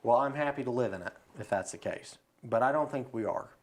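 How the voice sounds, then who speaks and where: A man's voice: medium pitch, a little fast. Storytelling man on a podcast. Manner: storytelling, philosophical. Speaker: guest. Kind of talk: casual podcast conversation. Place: recording studio.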